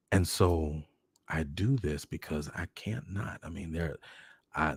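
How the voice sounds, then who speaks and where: A very deep-voiced man hosts his own livestream and speaks earnestly to his audience. His voice is gravelly and heavily husky, and he often sinks into hushed, half-whispered phrases. The sound is dry and close to the mic. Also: no echo. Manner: earnest, expressive, dips into hushed near-whispers. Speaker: host. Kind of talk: heartfelt direct-to-camera livestream talk.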